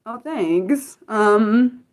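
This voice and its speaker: A woman's voice: fairly high pitch, lively intonation, very slow. A woman hosting an unscripted livestream, rambling casually with many fillers and restarts as she answers her chat. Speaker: livestream host.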